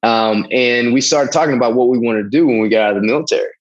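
A middle-aged man from the American South with a Southern accent, telling a long personal story as an interview guest in a rambling, animated way. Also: medium pitch, fast, muffled recording. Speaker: guest, Navy veteran. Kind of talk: casual storytelling.

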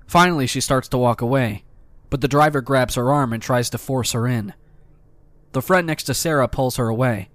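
Man, scripted story narration, mid-pitched, even delivery, dead dry recording. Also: no room sound. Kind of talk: scripted narration of reader stories.

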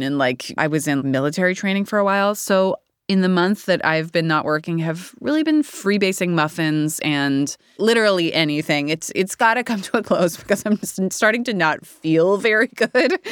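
Woman, 30s, actor guest, candid, rambling, low voice, dry close sound. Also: clean tone, dry recording. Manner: candid, rambling, laughs often. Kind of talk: casual interview chat.

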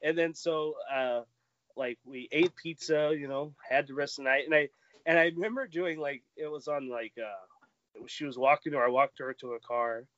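A man telling dating stories in a casual chat, laughing often and acting out quotes in a higher voice. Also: normal speed, fairly bright tone, no room sound. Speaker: podcast guest. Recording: dull lo-fi sound.

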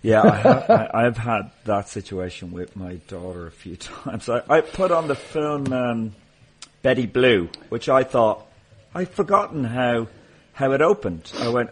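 A man hosting a casual chat, answering with short relaxed replies and quiet amusement. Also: medium pitch, unhurried.

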